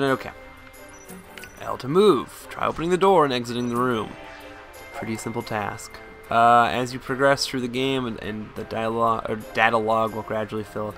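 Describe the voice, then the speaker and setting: Casting: young male gamer, bright gravelly voice, quick to swear and marvel, music behind. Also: medium pitch. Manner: excitable, swearing, incredulous. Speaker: gameplay commentator. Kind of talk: casual let's-play commentary.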